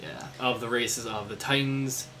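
A man's voice: medium pitch, fairly even intonation, a little slow, music in the background. Chatty young man gaming with a friend. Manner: chatty, laughs often, storytelling asides. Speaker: co-host gaming commentator. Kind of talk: casual let's-play banter.

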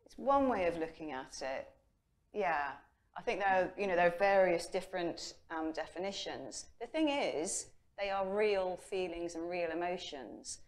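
A middle-aged woman from England, a personal development coach, speaking at a conference and telling stories with lively acted-out inner voices. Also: fairly low pitch. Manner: lively storytelling, acts out her inner voice. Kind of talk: conference talk. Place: conference hall.

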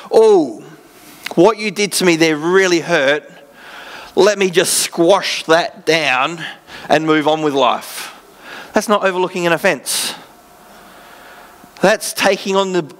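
A man's voice: fairly high pitch, a bit bright. An Australian man, a pastor, preaching a sermon in an earnest, conversational way with self-deprecating asides.

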